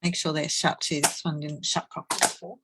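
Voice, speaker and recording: A woman's voice: low voice, level tone, fairly quick, background noise. A woman doing a live card-making demonstration, chatting and laughing as she works and murmuring to herself. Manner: chatty, giggly, murmurs to herself while working.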